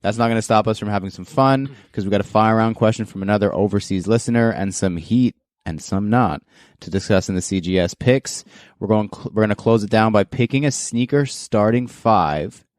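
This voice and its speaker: A man's voice: on the low side, fairly quick, no room sound, clean studio sound. A man hosting a casual podcast, chatty and laid-back, laughing often. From Canada. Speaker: podcast host.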